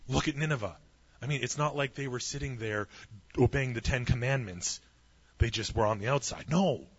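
A man's voice: medium pitch, moderate pace, breathy edge, lo-fi sound. A man preaching a sermon, retelling a story with humorous asides and acting out the voices in it. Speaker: pastor.

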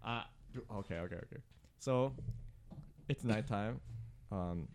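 Low-voiced male host, rambling improv storyteller. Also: slow, a little hiss or hum. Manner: rambling, with many fillers and sudden shouts.

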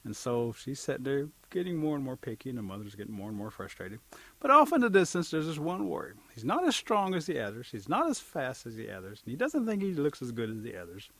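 A man telling a folk tale in a relaxed way, acting out the characters' lines as he goes. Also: medium pitch, quick pace. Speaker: storyteller. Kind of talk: oral folk storytelling.

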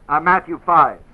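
A man's voice: on the high side, phone-quality sound. A man teaching a Bible class. He reads verses with heavy emphasis and keeps putting questions to his listeners.

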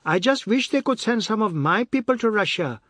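A man's voice: high-pitched, lively intonation, a little fast, fairly bright tone, no echo, clean studio sound, voice pushed up. A man reading a novel aloud, voicing an exasperated woman sucking her teeth in despair.

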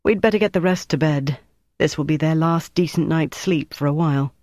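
A man reading an audiobook, voicing a tough, tired female agent in a brisk, clipped way. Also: fairly high pitch, darkish tone, dry recording, studio quality, natural voice. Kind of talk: audiobook character voice.

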